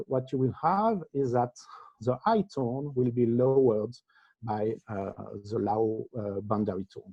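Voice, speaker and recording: A man presenting an academic lecture over a video call, halting often with filler sounds. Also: medium pitch, husky, no room sound, lo-fi sound. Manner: hesitant, frequent filler sounds. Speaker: conference presenter.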